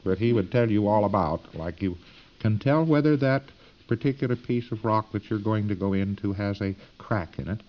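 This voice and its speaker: A man's voice: lowish voice, moderate pace, muffled recording. A man giving a lecture to students in a folksy, emphatic, digressive way.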